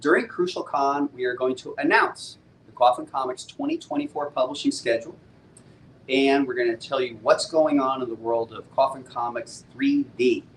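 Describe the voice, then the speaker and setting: A middle-aged man talks casually with his viewers on a live stream, upbeat and full of laid-back slang. His voice sits in an ordinary mid range. A faint rumble hums underneath. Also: steady tone, moderate pace, low-quality recording. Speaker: comic book publisher hosting a live stream.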